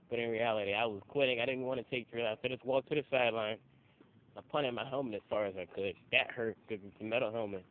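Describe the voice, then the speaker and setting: A man's voice: medium pitch, steady tone, fast. Young guy telling stories, swears a lot, sounds like a phone line. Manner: loose and profane, acts out quoted coaches. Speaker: interviewee. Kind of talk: casual storytelling. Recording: phone-like audio with faint noise.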